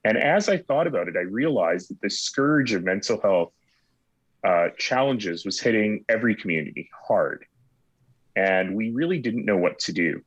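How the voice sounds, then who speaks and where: A man's voice: fairly low pitch, animated, normal speed, breathy edge, dry recording, muffled recording. A man who is a city mayor, talking earnestly and with confidence as a guest on a video call interview. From Canada.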